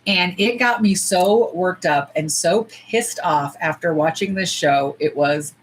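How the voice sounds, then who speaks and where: A woman's voice: fairly low pitch, unhurried, slight background noise, rough recording. A woman from the US, chatting casually and animatedly on a nail-swatching livestream, cursing freely and saying y'all. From United States.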